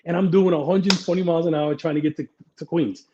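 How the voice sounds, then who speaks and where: A man's voice: a little high, fairly even intonation, dull audio, noisy background. Blunt, profane middle-aged man telling war stories. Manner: blunt, profane, fast-moving anecdotes. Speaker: retired police detective guest. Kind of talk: casual storytelling interview.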